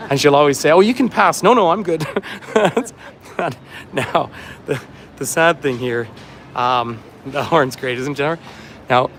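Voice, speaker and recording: A man's voice: medium pitch, a bit bright, a little hiss or hum. A man livestreaming a walking tour outdoors, chatting and rambling as he reads out viewer comments, filmed on a phone camera as he walks. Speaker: tour guide. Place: outdoors on a city waterfront street.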